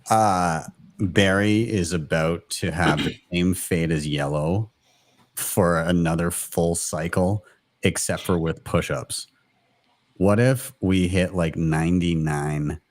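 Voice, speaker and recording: A man's voice: sits low, takes it slowly, no room sound. A man hosting a casual live panel chat, joking and laughing often between questions. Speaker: host of a live audio stream.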